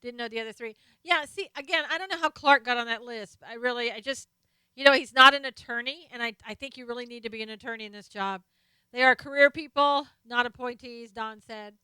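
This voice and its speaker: In a dry recording, a woman's fairly high voice sounds brisk, pushed, bright, and smooth. She's a live stream host casually discussing politics and answering the viewer comments she reads aloud.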